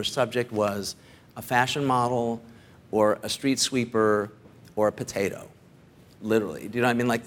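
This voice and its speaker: A man's voice: mid-range voice, a little hiss or hum. A middle-aged man, a photographer, giving a casual talk to a studio audience in a rambling, conversational way, often checking in with "right?".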